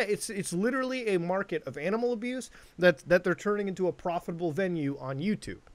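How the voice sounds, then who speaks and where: Young male YouTuber, high-pitched, dry close sound, outraged and swearing, reaction commentary. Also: no room sound. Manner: outraged, profane, blunt.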